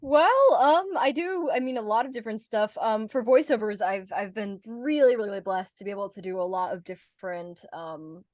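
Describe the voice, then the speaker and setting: A young American woman chatting as an interview guest about her voice-over work, animated and giggly, with many fillers and restarts. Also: mid-range voice, normal speed, few pauses, no room sound. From United States. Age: young adult. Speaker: guest, voice actor and speaker. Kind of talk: casual interview chat.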